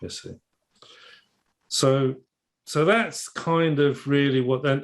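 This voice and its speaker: Man musing over a tarot card. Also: lowish voice. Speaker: tarot teacher. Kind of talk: casual explanatory discussion.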